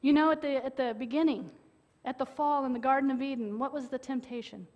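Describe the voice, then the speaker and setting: A woman's voice: sits high, fairly even intonation, dull audio. Earnest woman preaching a sermon. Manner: earnest, with dramatic pauses and sudden loud bursts.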